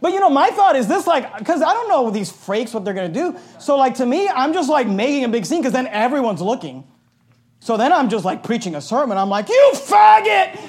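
A middle-aged man preaching a sermon as a pastor, telling a personal story in a loud, emphatic, conversational way with asides. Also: very high voice, big pitch swings, fairly quick.

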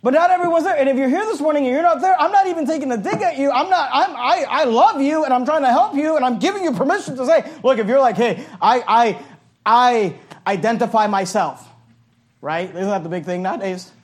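A male pastor preaching a sermon in an animated, joking way, at times shouting. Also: extremely high pitch, fast talker, few pauses.

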